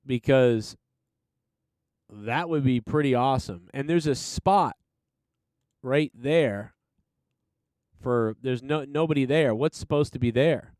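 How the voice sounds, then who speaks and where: A man's voice: medium pitch, takes it slowly, long pauses, darkish tone, no echo, clean studio sound. A man hosting a podcast, casually reviewing a TV episode in an enthusiastic, rambling way with some swearing. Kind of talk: casual solo review chat.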